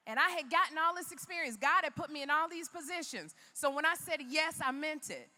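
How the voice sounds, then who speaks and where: Her voice sits high, a little fast, bright and forceful, with lively intonation in a large hall. As a keynote speaker from Chicago, she tells her story in an emphatic, preacher-like motivational speech to an arena.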